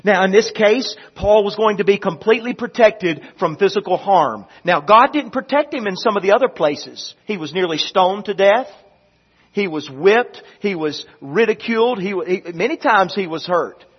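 A male pastor preaching with a fairly high, husky voice that swells loudly and then falls to a hush. He leads the room in call-and-response scripture reading. The recording is dull and lo-fi. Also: expressive, moderate pace. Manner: swells loud then drops to quiet. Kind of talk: sermon.

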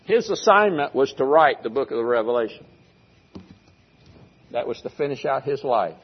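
An older male pastor delivers a sermon in a husky voice, pressing his points by repeating them. The recording sounds dull and muffled, as if taped in the church room. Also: mid-range voice, animated, moderate pace. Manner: preaching with emphatic repeated phrases.

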